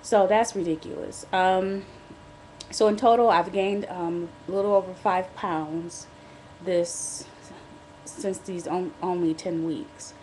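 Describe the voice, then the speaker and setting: A woman's voice: fairly low pitch, fairly even intonation, slow, darkish tone, slight background noise. Chatty woman vlogging from bed. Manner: chatty and candid, with frequent restarts and asides. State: on bed rest while pregnant. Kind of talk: casual pregnancy diary vlog.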